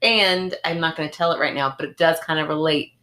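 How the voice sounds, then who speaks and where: A woman's voice: sits low, fairly even intonation, a little fast, pushed and bright. Chatty, laughing woman podcast co-host. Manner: chatty storyteller, laughs often, acts out quotes. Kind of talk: casual chat.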